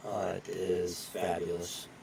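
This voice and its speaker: A man chatting casually while playing an online game, unhurried and laughing a lot. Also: deep voice, little pitch movement, vocal fry, darkish tone, a little hiss or hum. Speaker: game player.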